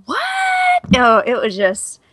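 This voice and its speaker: A woman's voice: medium pitch, fairly quick, a bit bright, no echo. A woman co-hosting a podcast in casual chat, gushing and chatty with lots of fillers. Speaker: podcast co-host.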